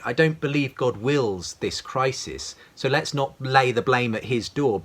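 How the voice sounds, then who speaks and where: A man's voice: medium pitch, a bit bright. A man giving a prepared, earnest talk on faith as a podcast host, reflective with occasional fillers. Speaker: podcast host and radio presenter.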